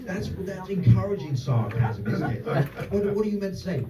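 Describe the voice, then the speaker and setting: A man's voice: high voice, big pitch swings, normal speed, a loud crowd. A man doing a stand-up comedy set to a live audience, sarcastic and sweary with rambling asides. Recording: roomy distant dull club recording.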